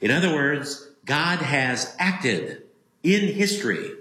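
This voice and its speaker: A man preaching a sermon as a pastor, slow and emphatic, leaning on single words with long pauses. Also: a little high, big pitch swings, bright, forceful tone, echoey room, rough recording.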